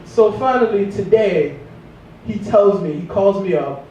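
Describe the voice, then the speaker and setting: A young man doing a stand-up routine, telling a rambling, self-mocking story and jumping into squeaky voices for the characters. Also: lively intonation, measured pace, dark tone, a little hiss or hum. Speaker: stand-up comedian. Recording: echoey room, distant mic.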